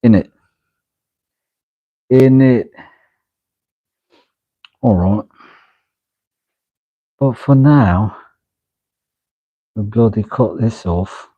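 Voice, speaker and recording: Speaking through a face mask, this man talks slowly and pauses often, his fairly low voice carrying a breathy edge. He's a knife maker and channel host forging a blade in his workshop, bantering playfully with the camera and mumbling self-talk as he goes. The casual vlog commentary sounds dull and lo-fi, though the recording itself is dry.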